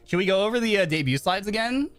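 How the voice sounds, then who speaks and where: A man's voice: sits high, fairly bright tone, no room sound. A man streaming live, rambling through heavy fillers, nervous, earnest and openly emotional. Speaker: virtual streamer. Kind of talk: casual live-stream chat. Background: faint background music.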